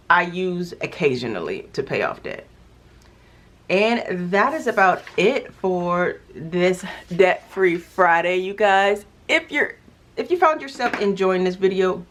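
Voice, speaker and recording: Young woman vlogger, slightly low voice, casual chatty delivery with fillers. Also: fairly bright tone. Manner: chatty, exasperated, lots of fillers. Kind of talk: casual chat.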